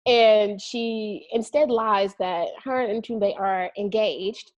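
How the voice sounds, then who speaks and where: A woman co-hosting a podcast, casually retelling a movie plot with lively asides and laughter. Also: mid-range voice, takes it slowly. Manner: animated storytelling with quoted voices and laughter. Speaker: podcast co-host. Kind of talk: casual movie review chat.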